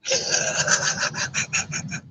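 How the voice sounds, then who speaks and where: A man's voice: drawn-out words, bright, forceful tone, low-quality recording. An English man hosting a casual road-trip chat from inside a car, joking and teasing his guest. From England. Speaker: host.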